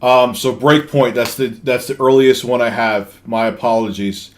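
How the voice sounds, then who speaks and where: A man's voice: medium pitch, fairly even intonation, normal speed. A man live-streaming, telling a rambling story full of restarts and cussing while answering donations. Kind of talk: casual live-stream chat.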